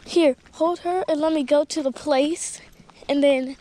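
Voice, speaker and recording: A woman with a high, bright voice narrates a casual family vlog outside in a rural yard. She talks chattily to her phone camera and eggs a dog on with eager calls. Faint background noise runs underneath. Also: a little slow, rough recording. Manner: chatty, excitedly urging a dog on. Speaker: family vlogger. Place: outdoors in a rural yard and field. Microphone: handheld phone camera.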